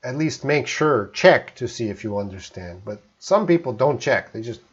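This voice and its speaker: A man from Canada, an English teacher, answering viewer questions in a live-stream lesson, talking slowly and choosing his words carefully. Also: medium pitch, animated, slightly rough, dull audio. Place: home in Korea, live stream.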